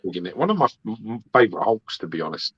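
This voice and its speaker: A man's voice: fairly low pitch, lively intonation, fast, slightly rough, dry recording, muffled recording. A man on a podcast talking brashly in casual chat, swearing and defiant.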